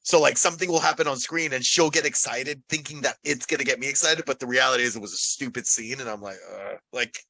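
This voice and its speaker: Bright, dry-sounding joking man. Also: mid-range voice, quick pace, few pauses, dry recording, rough recording. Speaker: podcast co-host. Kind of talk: casual chat.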